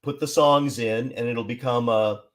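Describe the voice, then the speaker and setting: A man from Seattle, a songwriter and writer, talking on a podcast in a measured, explanatory way. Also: medium pitch, steady tone. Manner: measured, explanatory, with frequent restarts. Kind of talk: casual interview chat.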